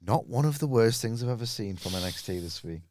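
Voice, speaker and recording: A man's voice: lowish voice, lively intonation, a little fast, a little mellow, slight background noise. A man co-hosting a wrestling podcast, chatting casually and dropping sarcastic, dry quips. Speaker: podcast co-host. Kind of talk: casual wrestling review chat.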